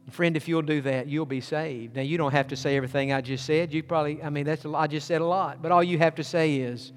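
A man preaching a sermon as pastor, moving between loud proclamation and hushed, slow guided prayer. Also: fairly high pitch, steady tone, big-room sound, faint music behind.

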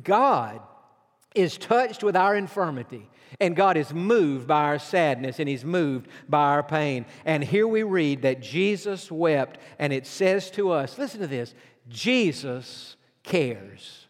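A pastor preaching a sermon, earnest and emphatic, slowing down for weighty lines. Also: male voice, a little high, animated. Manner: earnest, emphatic preaching with slow dramatic pauses. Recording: long hall reverb.

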